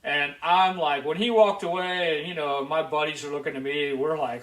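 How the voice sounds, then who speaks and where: A man's voice: a little high, fairly even intonation, moderate pace, hardly any pauses, fairly bright tone. A man from Ohio hosting a casual video show, telling a rambling story to viewers with plenty of fillers. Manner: chatty, rambling, with frequent fillers. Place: garage. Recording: roomy echo.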